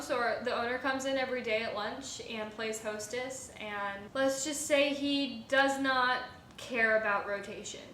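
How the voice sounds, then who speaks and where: A young woman and restaurant server telling a rambling, animated story in a casual vlog, swearing freely and using many fillers. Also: medium pitch. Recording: echoey room with faint hiss.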